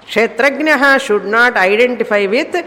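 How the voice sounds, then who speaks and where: A man's voice: very high voice, moderate pace, bright, forceful tone. A man with a Tamil Indian English accent, a spiritual teacher giving a scriptural discourse, who asks rhetorical questions and mixes in scripture terms. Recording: long hall reverb, faint noise.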